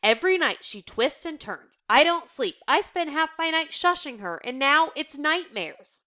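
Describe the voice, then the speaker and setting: A woman reading a play aloud, voicing an irritable, exasperated middle-aged man in a sharp, scolding way. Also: high voice, very animated, moderate pace, voice pushed up, full character voice. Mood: complaining.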